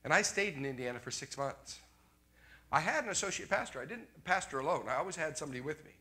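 An older male pastor preaching with an animated delivery. His voice sits fairly high and sounds bright and forceful. He swings between loud exclamations and quiet, soft asides. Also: fast talker. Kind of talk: sermon.

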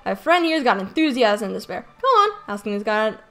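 A woman's voice: fairly high pitch, very animated, a little fast, pushed and bright, voice pushed down, heavily acted. A woman voicing a cheeky little fairy guy. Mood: chummy. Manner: chummy, scolding, calls the boy lad.

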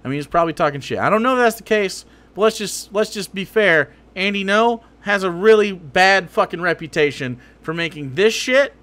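A man's voice: high-pitched, fairly bright tone. A man streaming reaction commentary on political clips, sarcastic and profane, growing heated.

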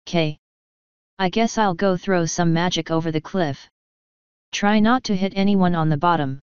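A woman's voice: lowish voice, normal speed, clean tone, no room sound, lo-fi sound. A woman reading first-person fan fiction aloud in a casual, offhand way, swearing freely. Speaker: audiobook reader.

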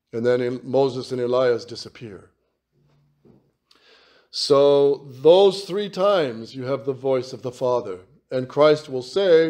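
A man preaching a sermon as a priest, slow and emphatic, repeating phrases for weight. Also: mid-range voice, a little mellow.

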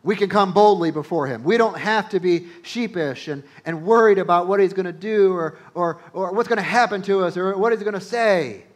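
A male pastor preaching a sermon, emphatic, repeating phrases and building to loud peaks. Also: sits high, moderate pace, hardly any pauses.

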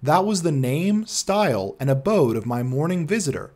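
Expressive guy narrating an old detective story, lots of up and down in his voice. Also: a little high, moderate pace. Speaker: audiobook narrator. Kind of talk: scripted narration of a classic story.

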